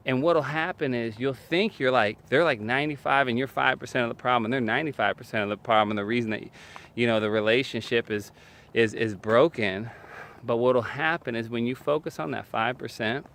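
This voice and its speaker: A man's voice: mid-range voice, fairly bright tone. A man giving an earnest, emphatic talk from personal experience. He repeats short phrases and keeps saying "man". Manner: speaks from personal experience, faith-based. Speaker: video speaker on relationships.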